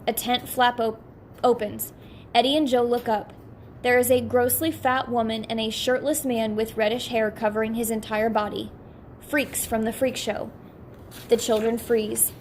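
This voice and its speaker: Woman reading a story aloud, higher voice. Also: little pitch movement, moderate pace, darkish tone, a little hiss or hum. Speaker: audiobook narrator. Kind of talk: audiobook reading.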